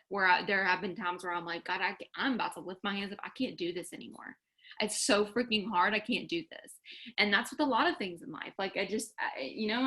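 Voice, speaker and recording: A woman's voice: mid-range voice, bright, forceful tone. Earnest woman. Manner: candid, earnest, exhorting, with many fillers. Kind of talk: casual faith pep talk to followers.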